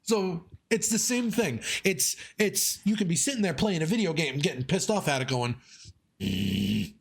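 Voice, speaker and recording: A man co-hosting a podcast in casual chat, animated and laughing, often acting out quoted voices. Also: high-pitched, normal speed. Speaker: podcast co-host.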